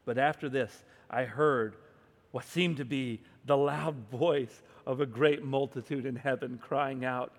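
A man preaching a sermon and reading scripture aloud, moving between hushed stretches and loud, emphatic ones. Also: medium pitch, fairly even intonation, a little slow. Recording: long hall reverb.

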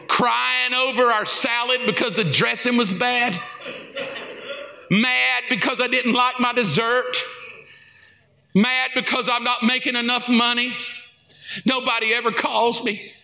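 High, gravelly shouting preacher man. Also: fairly even intonation, unhurried, long pauses. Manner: impassioned preaching, often shouting and half-singing. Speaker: pastor. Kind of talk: sermon. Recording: echoey hall with long reverb.

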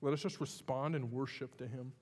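A man's voice: medium pitch, steady tone, brisk, darkish tone, husky, big-room sound. A man preaching a sermon as pastor, in a conversational way with frequent fillers and restarts.

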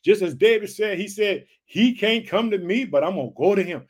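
Male podcast preacher, forties, high-pitched and fervent, repetitive exhortations. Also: lively intonation, brisk, breathy edge. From United States. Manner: fervent, repetitive calls of hallelujah and family.

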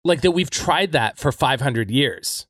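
A man in casual podcast conversation, thinking aloud with halting restarts and "like" fillers. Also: mid-range voice, expressive, fairly bright tone, no room sound, clean studio sound. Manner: thoughtful, halting, many "like" fillers.

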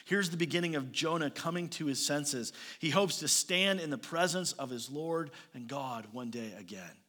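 Earnest preacher man, bright tone, hall echo. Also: fairly high pitch, moderate pace. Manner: earnest preaching, swinging between loud emphasis and quiet asides. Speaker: pastor. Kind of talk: sermon.

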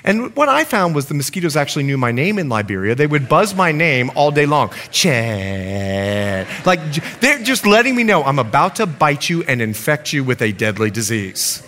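A man's voice: on the high side, fairly quick, few pauses. A middle-aged man preaching a sermon as pastor, telling stories with acted-out quotes. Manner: storytelling with lively acted quotes.

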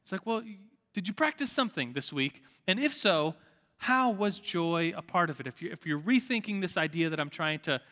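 A young man leads a casual church teaching in a high, bright voice. He talks in a loose, lively, conversational way, correcting himself often and using plenty of fillers. His voice rings on in a large hall. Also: normal speed. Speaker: church teacher leading a group study. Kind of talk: informal sermon with table discussion. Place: room with tables full of listeners.

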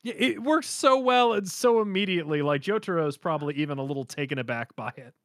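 Man, casual chat, lively swooping pitch, slightly high voice, dry close sound, laughs a lot, acts out lines. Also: dry recording. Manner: animated, laughs often, acts out characters' lines in quick voices. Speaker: podcast co-host reacting to an anime episode.

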